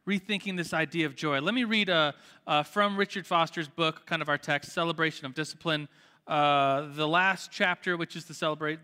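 A young man leads a casual church teaching in a high, bright voice. He talks in a loose, lively, conversational way, correcting himself often and using plenty of fillers. His voice rings on in a large hall. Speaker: church teacher leading a group study. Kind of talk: informal sermon with table discussion. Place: room with tables full of listeners.

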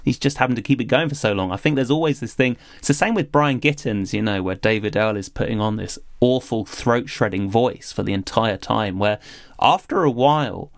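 A man's voice: medium pitch, brisk, gravelly, dry recording. Dry-sounding man reviewing podcasts. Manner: thoughtful, animated with laughs. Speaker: podcast co-host. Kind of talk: casual podcast review chat.

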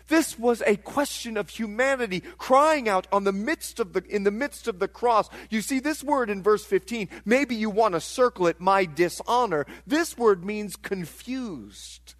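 A middle-aged male pastor preaching a sermon, swinging dramatically between loud cries and hushed tones. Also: high-pitched, lively intonation, measured pace.

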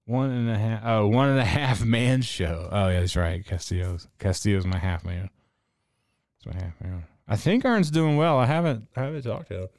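Profane rambling podcast host, smooth voice. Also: male voice, lowish voice, normal speed, darkish tone, dry recording, clean studio sound. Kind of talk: casual stoned podcast chat.

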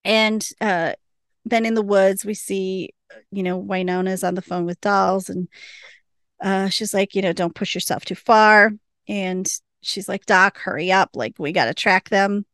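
A woman's voice: mid-range voice, fairly even intonation, a little slow, fairly bright tone, no room sound, studio quality. A woman hosting a podcast, casually recapping a TV episode, laughing often and acting out the lines. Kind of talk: casual chat.

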